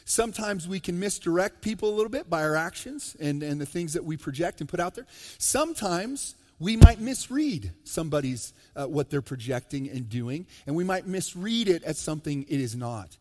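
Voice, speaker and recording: A slightly high-voiced man preaches a sermon in a church sanctuary, animated and quick to joke. He swings between loud, emphatic lines and soft, low asides. His voice trails off into the long reverb of a large hall. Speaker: pastor.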